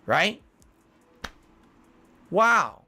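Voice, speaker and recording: A man's voice: sits high, big pitch swings, very slow, bright, forceful tone, faint music behind. A man telling a story on a commentary podcast, acting out both sides of his phone calls.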